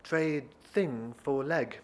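Calm young woman, slow halting broken English, read by a male narrator. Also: mid-range voice. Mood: plain curious.

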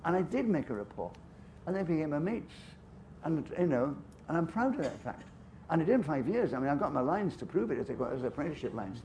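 Older english guy, posh accent, kinda high voice, chatty storyteller on stage. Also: sing-song, fast, a little mellow, muffled recording, a little hiss or hum. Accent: English upper-class. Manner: chatty and self-amused, with frequent restarts and asides. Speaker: guest author. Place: festival stage.

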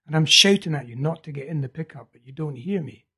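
A man reading the part of a feverish young man urgently telling a vision, in a husky voice. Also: fairly high pitch, animated, fast talker, bright, forceful tone, exaggerated voice. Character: feverish young male prophet, intense and urgent.

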